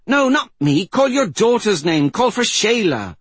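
Man doing a teen girl mystic, wry, fast-talking, husky, dry recording. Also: a little high, lively intonation, a bit bright, no echo, voice pushed up, exaggerated voice. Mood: urgent. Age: teen girl figure. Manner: quick, wry, raised voice. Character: young teen girl mystic, blunt and quick.

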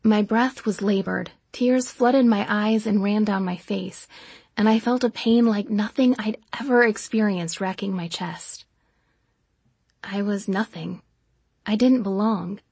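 A woman reading a first-person story as an audiobook narrator, emotional and intimate, slowing down for dialogue. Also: medium pitch, fairly even intonation, vocal fry, a little mellow, slightly rough, no room sound.

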